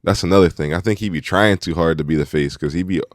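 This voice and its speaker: Deep-voiced laid-back man joking around. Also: quick pace, no echo, studio quality. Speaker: podcast co-host. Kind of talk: casual chat.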